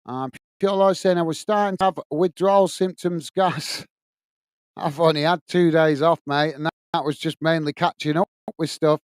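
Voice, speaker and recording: A man's voice: fairly high pitch, fairly even intonation, normal speed, clean tone, no room sound, studio quality. A man from England hosting a live football watchalong, calling the play and reading out viewer messages in a chatty way. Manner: chatty, reads viewer comments aloud and calls play. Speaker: watchalong host. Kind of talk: live stream match commentary and chat reading.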